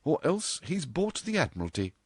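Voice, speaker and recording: A man voicing a composed young woman stenographer who speaks in a measured, level way. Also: a little high, wildly swooping pitch, breathy edge, dry recording, studio quality, voice pushed up, heavily acted.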